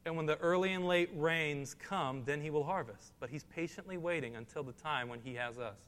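Man, pastor, sermon, high voice, emphatic scripture reading, long hall echo. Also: brisk, a bit bright, smooth. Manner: preaching with rising emphasis, reads scripture aloud.

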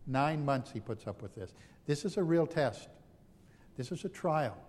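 A man's voice: on the high side, lively intonation, a little slow, darkish tone, slightly rough, long reverb tail. A man preaching a sermon in a conversational, self-deprecating storytelling manner.

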